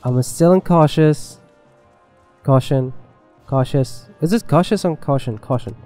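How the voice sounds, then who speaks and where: Slow, dark-voiced man swearing at a game. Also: fairly high pitch, in a large hall, soft background music, rough recording. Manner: swears a lot and talks back to the game. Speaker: let's play gamer. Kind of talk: casual gameplay commentary.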